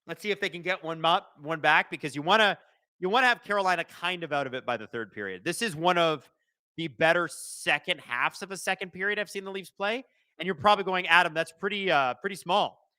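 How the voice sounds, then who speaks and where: A young man hosting a live watch-along of a hockey game, calling the plays fast and shouting at the referees. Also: high-pitched, smooth, no echo, clean studio sound. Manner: excitable, shouts and swears at the referees.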